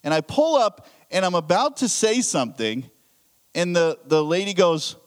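A man's voice: high voice, moderate pace. A pastor preaching a sermon, telling a story and acting out his own thoughts. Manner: animated storytelling with acted-out inner thoughts.

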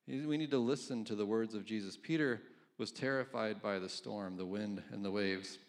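A man's voice: on the low side, moderate pace. A man preaching a casual, conversational sermon, reading scripture aloud and chuckling between points. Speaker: pastor.

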